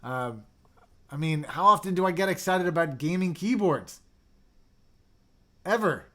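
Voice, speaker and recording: A young man hosting a casual livestream, chatty and excitable, reading viewer comments and dropping into mumbled asides. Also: on the high side, unhurried. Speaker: livestream host reviewing keyboards.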